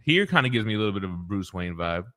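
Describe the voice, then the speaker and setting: A man's voice: sits low, big pitch swings, quick pace, sharp tone. A man hosting a casual talk show, easygoing and teasing, laughing often and reading out viewer comments. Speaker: host.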